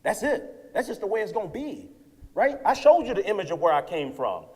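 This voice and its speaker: A man's voice: high voice, fairly quick, breathy edge. Rallying man speaking in a reverberant hall. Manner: energetic, rallying, asks "right?" often. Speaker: keynote speaker. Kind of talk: motivational keynote speech. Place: lecture hall with audience.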